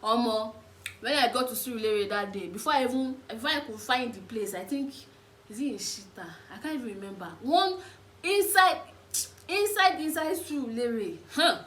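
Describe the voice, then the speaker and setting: A woman's voice: a little high, a little fast. A young woman in her twenties with a Nigerian accent, telling stories in a casual vlog and acting out the people in them. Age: 20s. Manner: animated, acts out the other people in her stories. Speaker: vlogger. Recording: echoey room, faint background noise.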